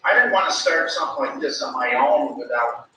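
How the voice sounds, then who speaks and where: Loose, easygoing male board member, animated and forceful tone, far off in a boomy meeting room. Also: a little fast. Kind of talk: casual meeting discussion. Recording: very echoey room, distant mic, faint noise.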